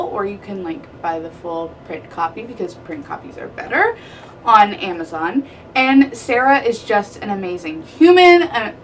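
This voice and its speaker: Young woman, book reviewer, excitable and chatty, slightly distant mic with faint hum. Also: on the high side. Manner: bubbly, gushing, peppered with "like". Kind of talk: casual book review vlog. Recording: somewhat distant mic with faint room ambience.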